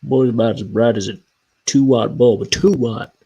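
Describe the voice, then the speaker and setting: A man's voice: mid-range voice, moderate pace, dark tone, slightly rough, dull audio. A man voicing a blustery older man who scolds in a bossy, condescending drawl. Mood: scolding.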